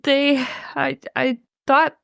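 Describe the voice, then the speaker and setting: Very high-pitched giggling woman. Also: little pitch movement, slow pace, creaky, fairly bright tone, no echo, clean studio sound. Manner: giggling constantly, breathless with laughter. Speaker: player. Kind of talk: tabletop game play, in character.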